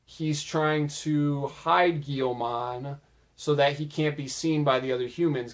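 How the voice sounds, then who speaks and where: A young man casually talking through funny cartoon scenes, chatty with many fillers. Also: on the high side. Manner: chatty, filler-heavy, relaxed. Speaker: video host.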